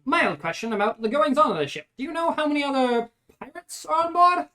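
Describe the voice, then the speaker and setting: A woman's voice: high voice, animated, a little fast, a bit bright, voice pushed up. A woman voicing a polite young ship's officer who asks the crew questions in an inquisitive way.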